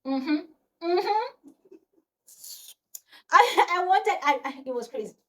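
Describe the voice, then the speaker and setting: Animated young Nigerian woman telling a story. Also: moderate pace. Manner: animated, acts out quoted voices, often drops to a low murmur. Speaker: storyteller vlogger. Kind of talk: casual storytime chat.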